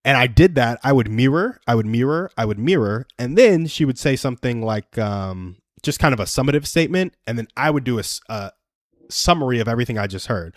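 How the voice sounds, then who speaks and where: A man's voice: medium pitch, sing-song, a little fast, no room sound, clean studio sound. A young adult man hosting a live stream, giving earnest, self-deprecating advice through personal stories in a casual chat.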